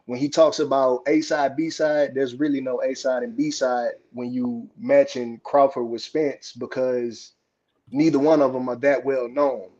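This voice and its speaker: A man calls into a live show and rambles through his argument in a flat, even voice with little rise or fall. His tone is dark and mellow, and his line sounds dull and lo-fi. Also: medium pitch. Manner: rambling, full of fillers. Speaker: caller. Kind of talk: casual call-in commentary.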